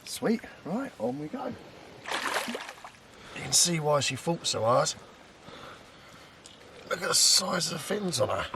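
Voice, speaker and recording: A man narrating a catch at a lake in the night, jokey and excited, chatting to the fish. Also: a little high, slow, vocal fry, pauses often, distant mic, slight background noise. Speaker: angler. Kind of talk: casual vlog narration. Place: lakeside at night, outdoors.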